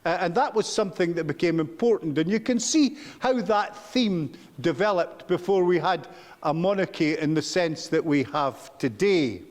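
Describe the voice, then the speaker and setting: A man's voice: a little high, expressive, normal speed. Older Scottish man lecturing in a reverberant hall. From Scotland. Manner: anecdotal, self-deprecating storyteller. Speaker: guest speaker. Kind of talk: public lecture with slides.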